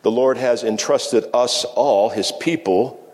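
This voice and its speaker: A male pastor giving a sermon, speaking in measured phrases with slow, emphatic pauses. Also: mid-range voice, a little mellow. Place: church sanctuary. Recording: long reverb of a church hall.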